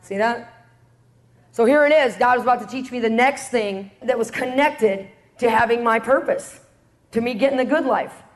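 A middle-aged woman with a high voice preaches a testimony sermon. She tells her stories with energy and keeps checking in with the congregation through rhetorical questions. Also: normal speed. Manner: animated storytelling, rhetorical questions to the audience. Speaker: preacher, prison ministry leader.

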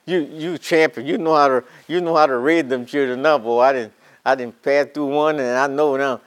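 Older male Bible teacher, folksy storyteller, repetitive restarts, rising to fervent emphasis. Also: fairly high pitch. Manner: folksy, repeats and restarts phrases, builds to emphatic preaching. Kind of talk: storytelling sermon.

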